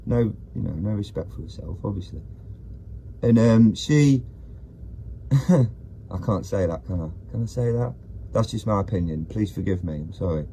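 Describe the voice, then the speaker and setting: A man's voice: fairly low pitch, lively intonation, normal speed, creaky, mellow, a little hiss or hum. A man, ranting in a rambling casual video monologue, often breaking off mid-sentence. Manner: rambling, self-interrupting rant. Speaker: vlogger.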